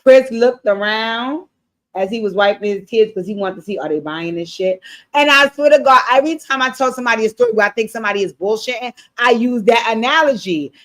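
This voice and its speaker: Animated, profane woman recapping a show. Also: on the high side, fairly quick. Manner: animated, blunt and profane, addressing viewers directly. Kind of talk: casual show recap commentary.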